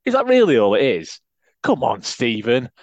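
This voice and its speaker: A man co-hosting a podcast in casual chat, quick-witted and self-mocking, laughing often. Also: mid-range voice, huge pitch swings, no echo, dull audio. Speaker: podcast co-host.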